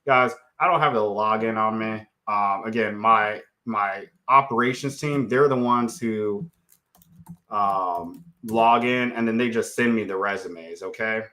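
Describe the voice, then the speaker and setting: A man's voice: fairly low pitch, a little slow, sharp tone. A man hosting a live stream on real estate, talking bluntly and casually while clicking through his screens, often tagging on "okay" and "guys". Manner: blunt and unfiltered, talks while clicking around; often tags lines with okay, guys, right.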